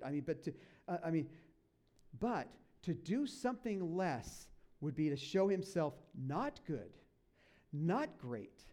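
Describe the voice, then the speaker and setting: A pastor preaching a sermon, animated, acting out quoted voices and asides to the congregation. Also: male voice, fairly high pitch, slow pace.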